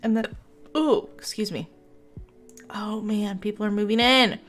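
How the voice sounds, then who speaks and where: Slow-talking woman with hiccups. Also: medium pitch, fairly even intonation, faint music behind. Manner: giggly, keeps apologizing for hiccups. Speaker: streamer. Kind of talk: casual gameplay commentary.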